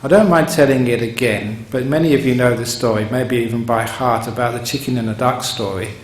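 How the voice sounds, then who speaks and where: Recorded in a meditation hall where the room echoes and a faint hum lingers, a monk gives a Dharma talk. His medium-pitched voice is steady and brisk, and he tells stories with chuckles and wandering digressions.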